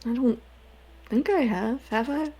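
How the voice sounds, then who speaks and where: Husky-voiced woman playing a hesitant character. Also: a little high, a little slow. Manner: hesitant, trailing off, soft laughs. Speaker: player. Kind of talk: in-character tabletop role-play.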